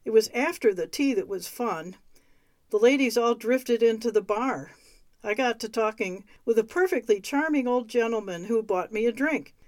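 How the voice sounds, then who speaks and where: A woman reading a memoir aloud, unhurried and clear. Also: on the high side, darkish tone, dry recording. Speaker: reader of memoirs.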